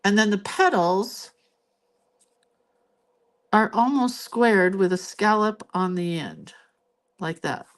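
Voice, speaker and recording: Woman host of a relaxed live doodle lesson, talking slowly and chattily as she draws, on a phone mic. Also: mid-range voice. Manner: chatty, thinks aloud while drawing. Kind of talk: casual live drawing tutorial. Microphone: phone camera.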